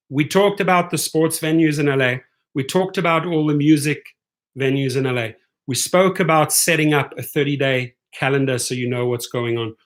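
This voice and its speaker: A middle-aged man giving an energetic, motivational talk as a driving coach, often checking in with viewers by asking "right?". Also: mid-range voice.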